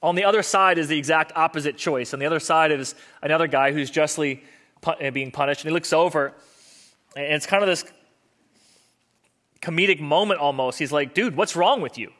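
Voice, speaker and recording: A man's voice: a little high, brisk, bright, forceful tone. A man, a pastor, preaching a sermon in an earnest, conversational storytelling manner.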